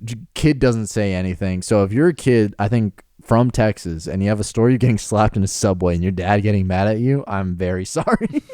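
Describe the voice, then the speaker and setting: A man's voice: on the low side, animated, brisk, few pauses, warm tone, smooth, dry recording, studio quality. A man hosting a podcast, telling a childhood story in casual chat, laughing often and acting out voices. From Mexican heritage. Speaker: podcast host.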